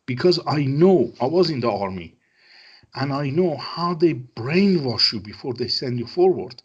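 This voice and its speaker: A man's voice: mid-range voice, animated, unhurried, husky, lo-fi sound. A man from Iran, a guest in an interview, speaking emphatic English that is not his first language and repeating his phrases. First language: Persian. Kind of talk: conversational interview.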